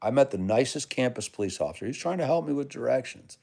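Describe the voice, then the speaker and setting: An American livestream host has a mid-range, dark voice with vocal fry, speaking at a quick, animated clip. He chats with viewers and reads their comments in a chummy, rambling way, calling them brother and man.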